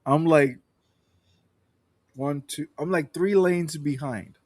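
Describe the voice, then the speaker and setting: Animated Latino man, dry close sound. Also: fairly high pitch, slow, dry recording. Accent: Latin American Spanish. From Latin America. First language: Spanish. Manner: animated storyteller, swears freely. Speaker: podcast co-host. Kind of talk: casual chat. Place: Panama.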